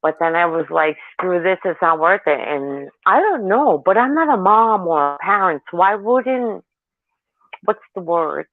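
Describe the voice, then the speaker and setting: A woman's voice: fairly low pitch, lively intonation, unhurried, no echo. A woman in her forties chatting casually as a caller, rambling and candid, telling stories animatedly. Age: 40s. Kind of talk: casual chat. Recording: tinny dry phone line.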